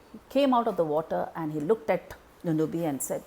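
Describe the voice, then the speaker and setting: A woman's voice: on the low side, animated, fairly quick, few pauses, dark tone. A woman, telling a children's story and checking in with listeners.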